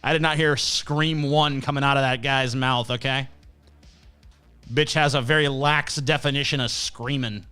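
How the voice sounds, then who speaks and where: A man's voice: medium pitch, fairly even intonation, normal speed, bright, forceful tone, clear, resonant tone, faint music behind. A male host giving blunt, profane, scornful ranting commentary while reacting to clips and viewer questions.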